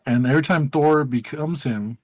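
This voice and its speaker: A man's voice: a little high, normal speed. A man co-hosting a gaming podcast in casual group chat, telling a rambling, profane story with many fillers.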